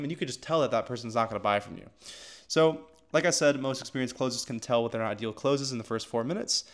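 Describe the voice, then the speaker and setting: Male coach, casual teaching tone, loose and chatty, lots of fillers, mid pitch. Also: quick pace. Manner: loose and chatty, heavy filler words and restarts. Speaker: agency coach. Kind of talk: casual teaching of sales calls.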